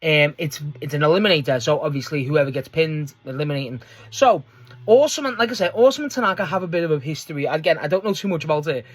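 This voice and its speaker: A young man, recapping a wrestling match in casual chat, excitable and swearing often. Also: a little high, fast talker. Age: young adult. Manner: excitable, swears a lot, acts out promo quotes. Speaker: wrestling video host.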